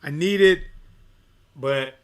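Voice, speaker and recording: This fight commentator chats casually with his live stream viewers, excitable and prone to fillers and restarts. His voice is a little high, slow-paced, clear, and resonant.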